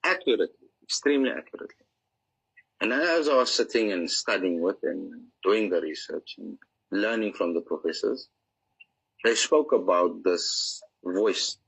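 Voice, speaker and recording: A man's voice: fairly low pitch, animated, moderate pace, creaky, fairly bright tone, husky, low-quality recording. A man being interviewed as an author, explaining his ideas in an earnest, teaching manner and acting out examples. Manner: earnest, explanatory, acts out inner voices. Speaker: author guest.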